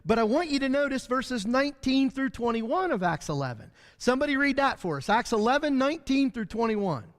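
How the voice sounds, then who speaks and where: Man preaching a bible study, voice way up high, really lively, long echo off the church hall. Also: a little fast. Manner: animated, acts out voices of people and God.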